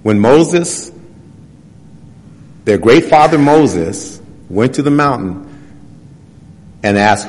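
A man preaching a sermon. He reads scripture passages slowly and presses his points with rhetorical questions. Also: medium pitch, animated, darkish tone. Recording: long hall reverb.

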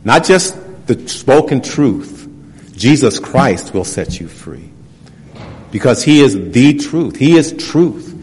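A man preaching a sermon. He reads scripture passages slowly and presses his points with rhetorical questions. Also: medium pitch, big pitch swings, darkish tone. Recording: long hall reverb.

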